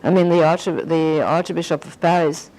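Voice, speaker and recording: A woman's voice: sits low, steady tone, moderate pace, a little mellow, poor audio. An older woman being interviewed, reminiscing in a rambling way and slipping into French phrases. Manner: rambling, anecdotal, slips into French.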